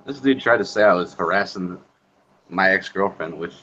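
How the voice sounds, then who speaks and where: A man's voice: deep voice, normal speed. Laughing, profane man, dull faint-noisy sound. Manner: laughs often, profane, relaxed recounting. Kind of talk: casual storytelling chat.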